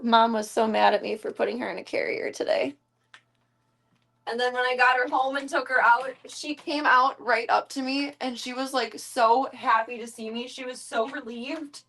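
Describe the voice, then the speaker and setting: Chatty young woman streamer with a high voice. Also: fairly even intonation, normal speed, a bit bright, low-quality recording. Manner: chatty, swears casually, coos in baby talk to her cats. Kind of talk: casual livestream chat.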